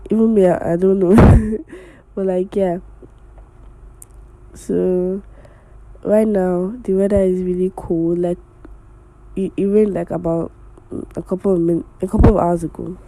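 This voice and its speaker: A woman's voice: lowish voice, steady tone, measured pace, pauses often, mellow, poor audio. A young woman hosting a casual solo podcast, chatty and rambling with many fillers and restarts, talking from under a blanket indoors. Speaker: podcast host.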